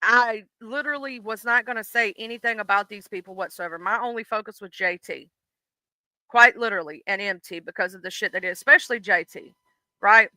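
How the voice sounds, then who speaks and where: Bright-voiced, blunt Southern woman. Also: medium pitch, a little fast, dry recording, rough recording. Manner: blunt, profane, talks straight to chat. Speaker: livestream host. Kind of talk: casual livestream chat.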